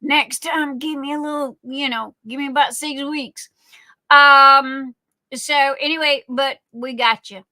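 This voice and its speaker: A high-pitched woman with a Southern accent, talking slowly and brightly as she hosts a livestream. She rambles in a chatty way and calls her viewers darling. The sound is dry and close, with no room around it. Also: steady tone, dry recording. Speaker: livestream host. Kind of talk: casual livestream chat.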